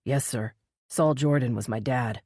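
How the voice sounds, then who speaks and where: A woman voicing a proud, grieving young man whose voice is deep and solemn. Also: measured pace, darkish tone, no room sound, studio quality. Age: young adult.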